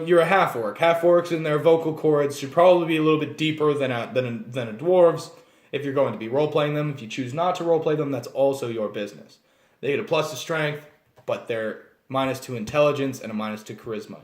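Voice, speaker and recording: A man casually explaining tabletop role-playing game races, animated and digressive, often slipping into acted scenes. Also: on the high side. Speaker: channel host. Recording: roomy echo.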